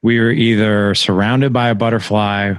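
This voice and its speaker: A man hosting a podcast, speaking in a relaxed, reflective conversational way with frequent fillers. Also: fairly low pitch, moderate pace, smooth. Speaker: podcast host. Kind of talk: conversational interview.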